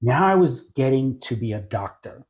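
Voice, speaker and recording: A man's voice: mid-range voice, sing-song, moderate pace, a little mellow. A middle-aged man, a licensed therapist, talking reflectively in an interview and often checking in with his listener. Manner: reflective, affirming, keeps checking in with "right?". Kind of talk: conversational interview.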